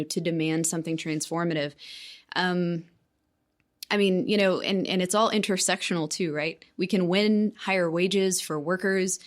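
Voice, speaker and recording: A woman guest on a radio talk show, a campaign communications staffer who speaks in an earnest, persuasive organizer's manner. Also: fairly low pitch.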